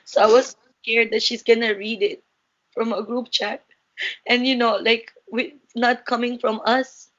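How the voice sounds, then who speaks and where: A woman gives an earnest, halting account in an interview, her high voice full of emotion. The recording is dull and muffled, with little clarity on top. She pauses and restarts as she goes. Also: flat delivery, fairly bright tone.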